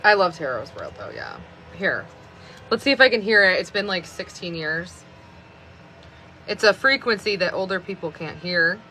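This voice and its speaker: Bright chatty woman around 30 on a phone live stream, rambles on, like, a lot. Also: on the low side, animated, moderate pace, a little hiss or hum. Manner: rambling, chatty, many fillers of "like". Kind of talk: casual live stream chat.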